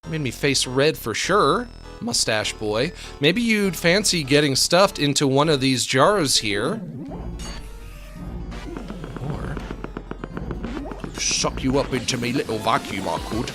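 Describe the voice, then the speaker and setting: A man's voice: mid-range voice, lively intonation, slow pace, pauses often, over music. A man voicing a cheeky male ghost who taunts the player in mock-British slang. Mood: sulky. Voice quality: mock-British banter, "mate" and "boyo".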